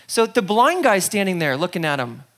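A pastor preaching a sermon in a conversational, animated way, acting out scenes and checking in with the listeners. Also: medium pitch, a little fast. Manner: animated storyteller, acts out scenes; conversational, frequent "okay?" asides.

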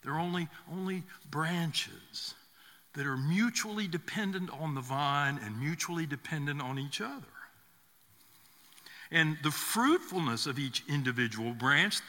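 Guy preaching a sermon, kinda high bright voice, lots of restarts, church echo. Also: lively intonation. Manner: halting, with many restarts and fillers. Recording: reverberant church hall.

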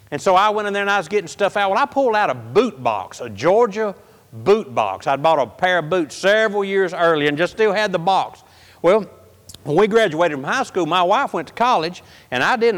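A high-voiced man tells a personal story as a sermon. His delivery is folksy and animated, jumping up to loud outbursts and dropping to hushed, near-whispered lines. The sound carries a long hall reverb. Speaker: preacher.

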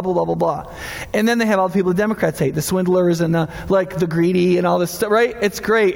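A man's voice: high voice, vocal fry. A man preaching as a pastor in a casual, conversational sermon, acting out the voices of people he quotes. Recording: long hall reverb.

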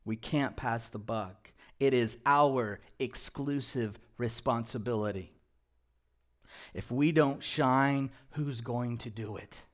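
Slow-spoken pastor preaching a sermon. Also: male voice. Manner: swings from soft and low to loud and emphatic. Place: church sanctuary.

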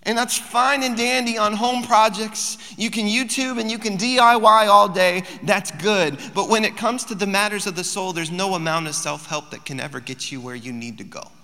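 Bright-voiced male pastor preaching in a hall. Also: sits high, moderate pace, hardly any pauses. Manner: storytelling, builds to loud emphatic preaching. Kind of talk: sermon. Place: large church hall.

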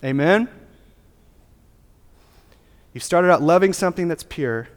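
A man's voice: fairly high pitch, lively intonation, a little slow. A man preaching a sermon as a pastor, with a casual, joking, conversational delivery. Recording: long hall reverb.

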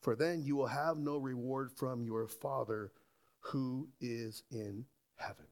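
A man preaching a sermon to a congregation, animated and asking rhetorical questions. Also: medium pitch, slow pace. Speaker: pastor.

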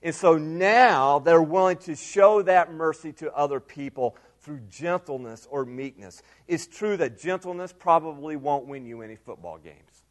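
A man preaching a sermon to his congregation, earnest, repeating key phrases and swinging between loud emphasis and quiet asides. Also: fairly high pitch, unhurried. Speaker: pastor.

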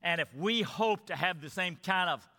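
Emphatic high-voiced male pastor. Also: expressive, normal speed, bright, forceful tone, long reverb tail. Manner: emphatic preaching with repeated parallel phrases. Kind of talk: sermon.

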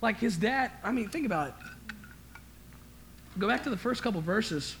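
A male pastor delivering a sermon in a high, bright, forceful voice. He swings from hushed asides to loud emphatic bursts and stammers over repeated words when worked up. A faint hiss of noise sits under his voice. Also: animated, normal speed, vocal fry.

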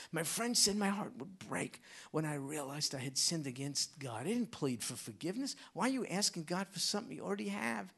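A man preaching a sermon, swinging from loud emphatic bursts to hushed whispers. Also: high-pitched, lively intonation, brisk, creaky, few pauses, slightly rough.

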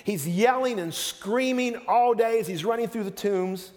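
A man's voice: high voice, normal speed, darkish tone, long reverb tail. A man preaching a sermon as pastor, earnest, often repeating words as he starts a sentence.

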